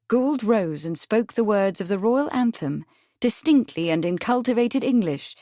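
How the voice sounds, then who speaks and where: Give me a woman narrating an audiobook in an even, measured voice, recorded dry and close. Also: medium pitch, no room sound. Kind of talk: scripted narration.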